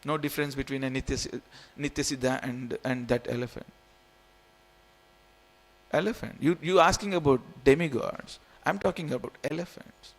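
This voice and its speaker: A man in his forties, originally from India, speaks at a medium pitch and a normal speed. He is leading a jokey, informal scripture class in a temple hall, where he repeats phrases and coaxes his listeners along.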